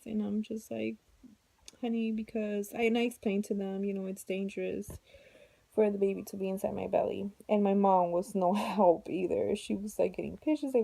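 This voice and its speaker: A heavily pregnant woman vlogs from home, rambling and venting in a worn-out way. Her voice is gravelly and mellow, and the sound is dry and close. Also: mid-range voice, fairly even intonation, normal speed, dry recording, low-quality recording. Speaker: vlogger. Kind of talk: casual chat to camera.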